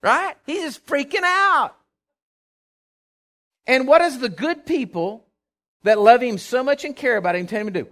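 A preacher in full sermon, his voice riding high and leaping all over its range. He is emphatic and calls out to the congregation, swinging from near-shouts down to hushed asides. The tone is bright and ringing. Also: lively intonation, a little slow, long pauses. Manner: emphatic, call-and-response, swings from loud to hushed. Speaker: pastor.

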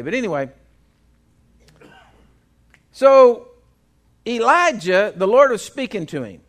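A man's voice: a little high, fairly bright tone. A man, a pastor preaching a sermon in a folksy, joking way with asides to the congregation. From Texas.

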